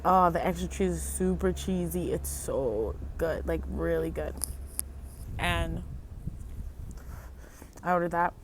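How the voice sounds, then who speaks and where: A woman's voice: fairly low pitch, slow pace, pauses often, slight background noise. Rambling woman vlogging outdoors at night. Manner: rambling, laughing, self-interrupting. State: high. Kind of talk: casual chat.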